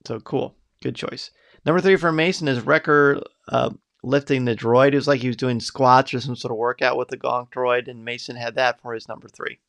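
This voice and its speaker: A man's voice: medium pitch, fairly even intonation, moderate pace, creaky, a bit bright. A man hosting a live podcast, reading out viewers' picks in an upbeat, chatty way. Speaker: podcast host.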